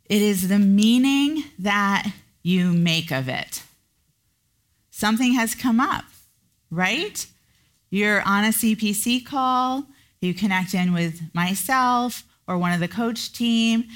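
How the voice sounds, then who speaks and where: A middle-aged woman hosting a solo coaching podcast, explaining ideas and now and then acting out inner voices. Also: takes it slowly. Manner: animated, acts out inner voices in a high pitch. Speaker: podcast host and business coach.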